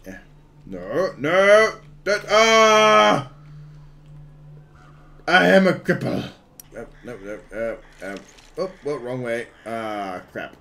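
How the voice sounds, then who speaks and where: A man's voice: medium pitch, sing-song, unhurried, fairly bright tone. A man giving jokey let's-play commentary over a game, exclaiming and making silly sound effects. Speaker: gaming video host.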